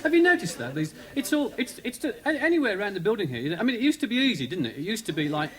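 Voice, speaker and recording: In a high, sing-song voice that races along, a stand-up comic from Birmingham tells a rambling story stuffed with asides and chatter. He's on stage in a 1970s TV studio, and the live audience can be heard laughing.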